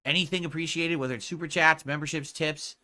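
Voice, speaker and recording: A man's voice: on the high side, fairly even intonation, fast talker, sharp tone. A man streaming live, talking to his chat in an indignant, lecturing way, arguing back and asking for support. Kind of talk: livestream talk to chat.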